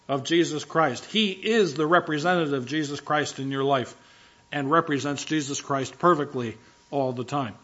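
A man's voice: on the high side, fairly bright tone, muffled recording. A male pastor giving a conversational sermon, teaching with rhetorical questions and asides.

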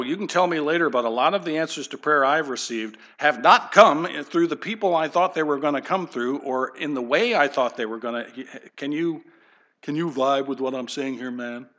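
A man in middle age preaches to his church in a bright, forceful voice that sits a little above the usual pitch. He keeps it conversational and turns again and again to the congregation with direct questions. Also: muffled recording. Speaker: pastor. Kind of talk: sermon. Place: church sanctuary.

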